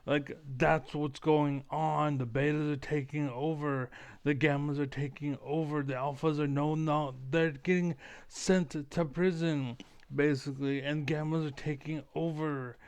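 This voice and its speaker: A man's voice: fairly high pitch, flat delivery, a little slow, clean tone. A man ranting casually on his stream, rambling and profane, with lots of filler words.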